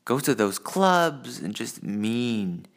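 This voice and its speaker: Gravelly, animated man telling crude stories. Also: mid-range voice, slow pace. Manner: rambling, crude, profane, with many fillers. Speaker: monologue storyteller. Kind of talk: rambling personal storytelling and crude jokes. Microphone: phone mic.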